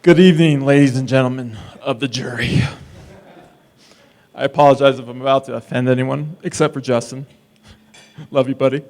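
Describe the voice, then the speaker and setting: A man's voice: mid-range voice, steady tone, brisk, long pauses, a little mellow. Wisecracking best man giving a toast. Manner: teasing, wisecracking. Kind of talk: joking wedding speech. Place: wedding reception in a distillery.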